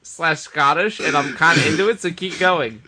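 A man's voice: fairly high pitch, moderate pace, heavy background noise. A man co-hosting a casual chat, throwing in dry teasing questions. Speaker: co-host listener.

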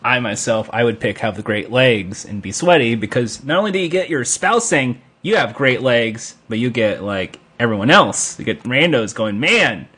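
A man's voice: medium pitch, expressive, normal speed, few pauses, fairly bright tone, breathy edge. A man riffing goofily in a casual comedy podcast chat. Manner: goofy, riffing on jokes.

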